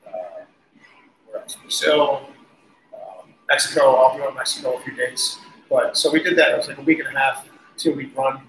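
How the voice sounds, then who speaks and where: A man guest on an interview, telling casual, animated stories with laughs and cursing. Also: medium pitch. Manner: animated, laughing, swears freely. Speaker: guest musician. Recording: roomy echo, faint noise.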